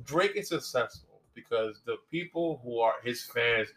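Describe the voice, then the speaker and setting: A man's voice: medium pitch, unhurried, crowd noise. A man co-hosting a casual podcast chat, rambling and going off on tangents. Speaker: podcast co-host.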